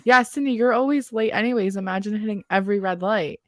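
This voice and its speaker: A woman's voice: mid-range voice, fast talker, dry recording, studio quality. A young woman in her twenties co-hosting a podcast, asking questions in a playful, teasing way. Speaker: podcast co-host. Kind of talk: casual chat.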